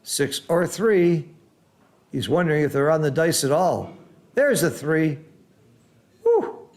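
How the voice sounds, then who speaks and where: A middle-aged man calling a backgammon match, his voice sitting a little high for a man. He swings from gasping excitement at the rolls to patient, teacherly explanation of the strategy. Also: unhurried. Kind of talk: live game commentary.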